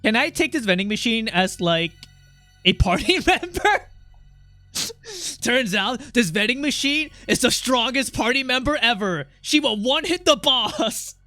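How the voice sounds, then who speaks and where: An excitable young male streamer with a high, bright voice, chatting casually as he plays and reads out on-screen text. He swears freely and gets loud when something surprises him. Faint game music runs in the background. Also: moderate pace, few pauses. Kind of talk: casual gameplay commentary.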